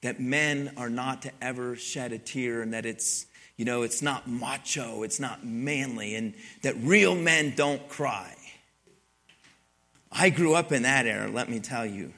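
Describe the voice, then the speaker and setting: An older man preaching a sermon, telling stories with asides to his congregation and swinging from loud exclamations to hushed, near-whispered moments. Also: medium pitch, a little slow. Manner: storytelling, conversational asides to the congregation. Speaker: pastor.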